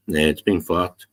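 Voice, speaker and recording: A man's voice: deep voice, a bit bright. A middle-aged man with an Australian accent, chatting on a livestream in a blunt, heavily profane way. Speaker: livestream host. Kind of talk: casual livestream chat to viewers.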